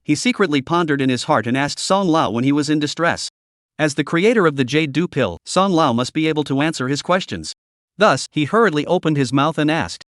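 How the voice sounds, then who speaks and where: A man narrating a story recap in a steady, scripted way. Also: a little high, no room sound, studio quality.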